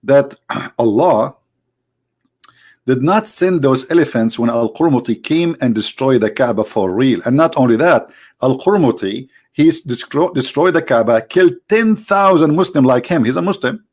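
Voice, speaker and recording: A Middle Eastern man with an Arabic accent hosts a live stream, delivering a mocking, theatrical sarcastic monologue that leaps from high exclamations to low asides. His voice is expressive and a little mellow, at a moderate pace.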